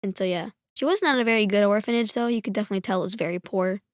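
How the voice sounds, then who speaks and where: Casual woman guest, rambling and filler-heavy, mid pitch, dry room. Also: very fast, smooth, no room sound. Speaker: podcast guest. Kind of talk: casual chat.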